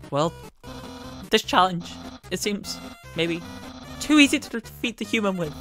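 A woman putting on a brash, proud skeleton man who shouts everything like a grand proclamation. His voice leaps around theatrically, pitched a little above her own, with game music under it. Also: expressive, a little slow. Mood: grandiose. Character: loud boastful male skeleton, dramatic and proud. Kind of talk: voicing game dialogue in a let's play.

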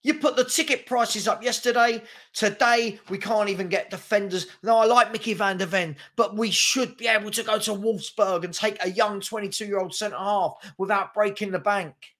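Exasperated high-voiced football fan. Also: male voice, fairly even intonation, normal speed, hardly any pauses, a bit bright. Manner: exasperated, repetitive rhetorical questions. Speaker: football fan channel host. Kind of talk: angry fan rant to camera.

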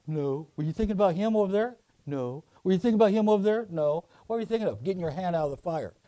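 A man preaching a sermon to a congregation, going from low, quiet storytelling up to loud shouted warnings. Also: lively intonation, fast. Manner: preaching with swings from soft to shouting. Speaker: pastor.

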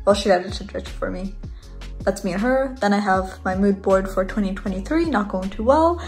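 Young woman vlogger, rambling room tour on a phone cam in a bedroom, soft music behind her. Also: mid-range voice, lively intonation, normal speed, low-quality recording. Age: 20s. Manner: chatty, rambling, giggly. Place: bedroom, indoors.

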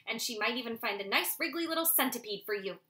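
A woman's voice: on the high side, expressive, quick pace, bright, forceful tone. A woman voicing a fussy, scolding old blind female snake who tends the nest.

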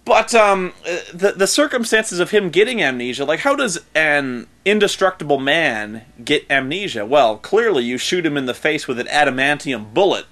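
A man's voice: a little high, very animated, moderate pace, hardly any pauses. A man giving a casual, rambling film review as a vlogger, sarcastic and loose, full of fillers and restarts. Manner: rambling and sarcastic, lots of fillers, shouted mock quotes. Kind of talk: casual unscripted ranting review.

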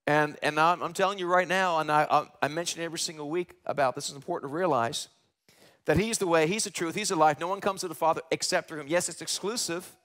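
A man preaching a sermon in a church, animated, acting out quoted questions in a rising voice. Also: on the high side, fast talker. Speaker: pastor. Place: church sanctuary, live broadcast.

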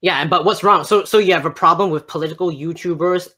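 A man's voice: fairly high pitch, brisk, bright, forceful tone. Male stream guest, argumentative, stuttering restarts, keeps pushing the same question. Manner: argumentative, repetitive, stammering. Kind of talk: heated live-stream debate.

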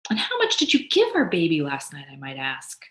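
A woman's voice: sits low, wildly swooping pitch, moderate pace, fairly bright tone, exaggerated voice. Woman voicing anxious scolding young mother. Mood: alarmed, scolding. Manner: worried and indignant, pressing questions. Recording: echoey room.

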